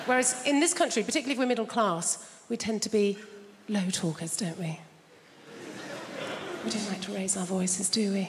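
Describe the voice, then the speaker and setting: A woman's voice: mid-range voice, moderate pace, heavy background noise. A woman doing stand-up comedy in a theatre, chatty and teasing the audience. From England. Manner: chatty, teasing the audience, does her mum's voice. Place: large theatre stage. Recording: theatre reverb with loud audience.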